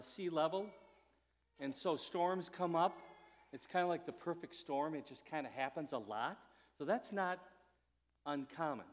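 Pastor guy preaching, kinda high voice, easygoing then punchy, long echo in a big hall. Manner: conversational preaching, rising to emphatic. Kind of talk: sermon.

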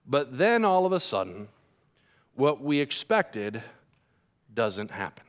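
A man's voice: mid-range voice, sing-song, measured pace, a bit bright. A man preaching a sermon, retelling a story with dramatic swings in volume. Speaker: pastor.

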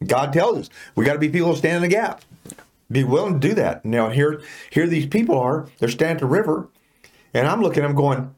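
A man's voice: fairly high pitch, lively intonation, fairly quick, a little mellow. A man co-hosting a casual Bible study discussion, talking in an emphatic, preachy and colloquial way.

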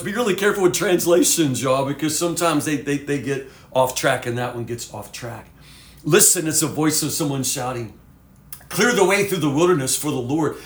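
A man's voice: fairly high pitch, echoey room. A man teaching from the Bible as a pastor, folksy and fervent, full of "you know"s.

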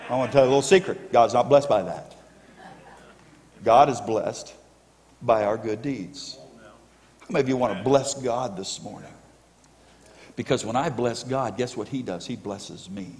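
A man's voice: on the high side, moderate pace. A male pastor preaching a sermon, emphatically rallying his congregation to answer him back. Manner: emphatic call-and-response with congregation. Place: church sanctuary. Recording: echoey church sanctuary.

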